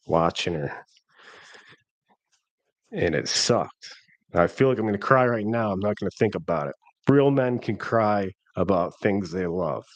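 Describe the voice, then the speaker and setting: A man's voice: low-pitched, no room sound. A man in his thirties telling a rambling, self-deprecating personal story in a casual vlog. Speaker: vlogger.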